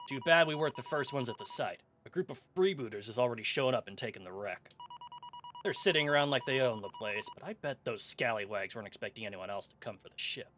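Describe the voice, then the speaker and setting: Brash raider captain giving a loud mission briefing with some pirate slang, a man putting it on over his own voice. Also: mid-range voice, expressive, quick pace, a little hiss or hum, close to an everyday voice. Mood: commanding. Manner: loud, upbeat briefing with half-hearted pirate talk. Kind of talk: voicing game dialogue on a stream.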